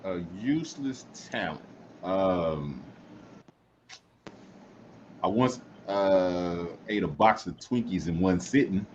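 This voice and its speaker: A man chatting on a panel, telling a story in an animated way, with pauses and stammered restarts. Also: low-pitched, slight background noise. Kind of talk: casual panel chat. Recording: muffled audio.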